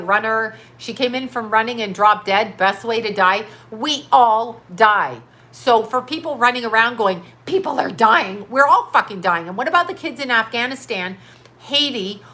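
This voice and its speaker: A woman in her fifties on a livestream, pouring out an emphatic, profane rant with one rhetorical question after another. Her voice sits a bit high and rings bright and forceful. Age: 50s. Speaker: livestream host.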